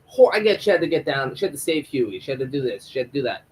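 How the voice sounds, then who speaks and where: A man recapping a TV episode in a casual, animated way, swearing a lot and acting out the characters' lines. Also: mid-range voice, fast talker, husky, rough recording. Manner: animated, profane storytelling with acted-out quotes. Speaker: show reviewer.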